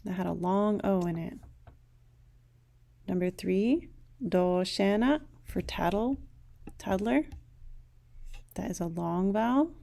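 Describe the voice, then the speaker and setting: A woman's voice: medium pitch, slow, vocal fry, pauses often, dark tone. A woman teaching a recorded language lesson, patiently saying each word twice.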